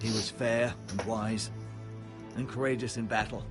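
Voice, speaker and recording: A man's voice: lowish voice, steady tone, over music, close to an everyday voice. A man playing a solemn old-world advisor. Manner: measured, solemn. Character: grave male advisor counseling a young lord.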